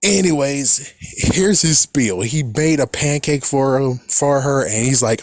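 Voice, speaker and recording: A man's voice: medium pitch, a little slow, no echo, studio quality. A young adult man giving casual reaction commentary, rambling and swearing freely with frequent laughs. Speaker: reaction video host.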